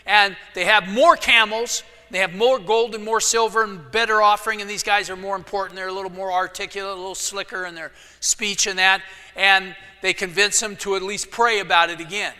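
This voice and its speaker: Pastor guy telling bible stories casual n jokey, brightish highish voice, echoey church. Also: fairly even intonation, brisk, clear, resonant tone. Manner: casual storytelling with jokes. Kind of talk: sermon. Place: church sanctuary.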